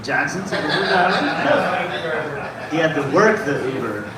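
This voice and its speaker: A man's voice: fairly high pitch, expressive, unhurried. A man hosting an open mic, bantering and teasing the room between comics. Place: dive bar comedy room. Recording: echoey bar room, distant mic, audible noise.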